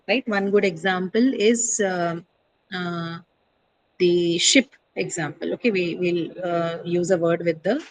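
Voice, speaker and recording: A woman's voice: mid-range voice, rough recording. A woman teaching an English pronunciation class online, explaining step by step with frequent "uh" and "right?" checks.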